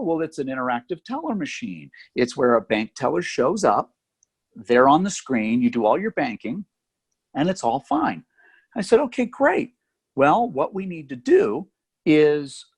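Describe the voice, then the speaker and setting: Lively husky man telling a story. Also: fairly high pitch, normal speed. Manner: animated, acts out voices in his anecdotes. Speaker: podcast co-host. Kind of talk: casual storytelling chat.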